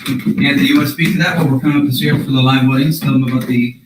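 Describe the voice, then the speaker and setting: A man's voice: mid-range voice, steady tone, racing. A man who is a paranormal investigator, giving a casual joking walkthrough of an old house. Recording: echoey room with faint noise.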